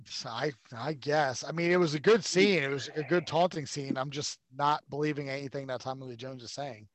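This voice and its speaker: A man's voice: mid-range voice, fairly quick. A man co-hosting a casual movie podcast, rambling and sarcastic, swearing freely. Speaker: podcast co-host.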